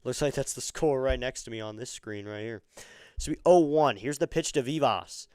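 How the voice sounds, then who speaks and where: A man calls a baseball game live for his stream audience in a smooth, resonant voice. His talk is chatty and easygoing, and it turns excitable on the big plays. The sound is dry and close. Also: mid-range voice, normal speed, no echo. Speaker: fan streamer calling the game. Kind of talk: live fan play-by-play commentary.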